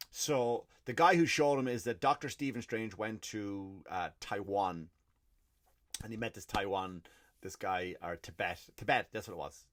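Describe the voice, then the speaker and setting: A man's voice: fairly low pitch, a bit bright. An Irish man hosting a comedy podcast, telling a profane, rambling story in a monologue. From Ireland. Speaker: comedian host.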